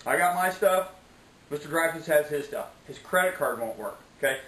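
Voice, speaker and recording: A man's voice: fairly high pitch, animated, moderate pace, pushed and bright, reverberant, rough recording. A middle-aged man telling a story in a casual vlog, chatty and preachy, often tossing in "okay?" and "anyways". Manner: preachy, motivational asides. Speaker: vlogger.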